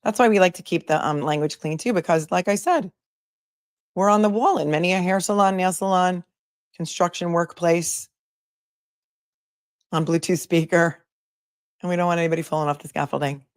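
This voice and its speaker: A woman hosts a live commentary stream in a relaxed, joking way, reading out messages from her chat as she goes. Her voice sits on the low side, and the recording is dry and close with no room sound. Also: normal speed, long pauses, no room sound. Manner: chatty, jokey, reads chat messages aloud.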